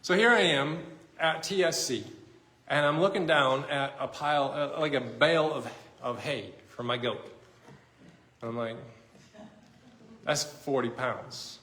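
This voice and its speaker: A man's voice: a little high, normal speed, bright, forceful tone. A middle-aged man, a pastor, giving a sermon in a conversational storytelling way that pokes fun at himself. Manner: conversational storytelling, self-deprecating. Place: church sanctuary. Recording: echoey church room.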